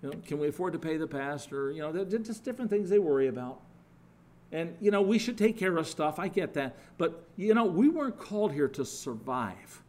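A man preaching a sermon in a conversational, animated storytelling way, with frequent restarts and asides to the congregation. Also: fairly high pitch, brisk.

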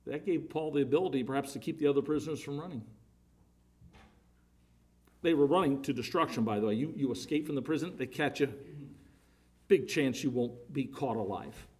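A man's voice: medium pitch, brisk, long pauses, a little mellow. A man preaching a sermon, emphatic, his voice rising and falling in volume, often repeating words.

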